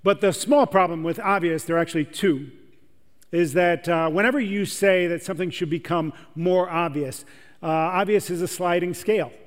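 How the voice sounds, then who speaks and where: Male pastor with a high voice, chatty sermon delivery, recorded in a reverberant hall. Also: normal speed. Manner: conversational, asks the audience questions. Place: large church hall with audience.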